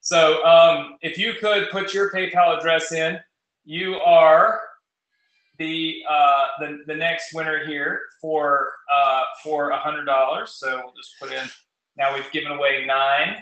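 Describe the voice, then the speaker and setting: Fast-talking man in a roomy echo. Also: a little high, flat delivery, bright, forceful tone, muffled recording. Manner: fast, rapid-fire like an auctioneer. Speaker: host of a live cash giveaway. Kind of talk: live-streamed webinar talk.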